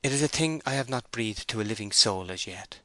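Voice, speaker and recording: A man's voice: on the low side, expressive, brisk, sharp tone, no echo. A man voicing a proud, troubled young farm owner in an audiobook, speaking with earnest, tense feeling, his voice lifted a little above his own. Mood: anxious. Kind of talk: audiobook character voice.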